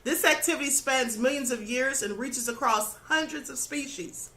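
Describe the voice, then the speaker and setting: A woman's voice: sits high, moderate pace, sharp tone. A woman hosting her own channel, giving an earnest spiritual teaching monologue with many asides to the listener and a voice that is starting to go. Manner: earnest, instructive, adds "okay?" and "you know". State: slightly losing her voice.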